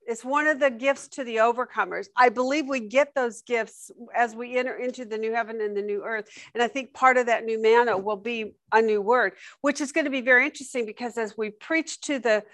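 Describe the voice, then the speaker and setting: Bright, dry-sounding woman teaching a Bible class. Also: on the high side, fairly quick, few pauses, no echo. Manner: warm, effusive and emotional when thanked.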